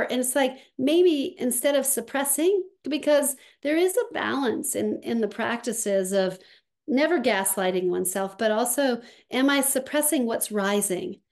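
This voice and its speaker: A woman speaking as a somatics practitioner in an interview, slow and reflective, with soft pauses. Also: a little high, expressive. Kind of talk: conversational interview.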